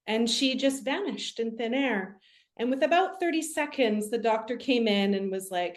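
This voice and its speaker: A woman's voice: fairly high pitch, normal speed. A young woman, a medium, telling her own story as an interview guest in an earnest, reflective way with many fillers.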